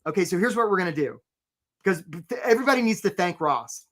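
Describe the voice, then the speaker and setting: A man's voice: high-pitched, expressive, quick pace, fairly bright tone. A man hosting a live career webinar, talking energetically and conversationally and often checking in with "right?".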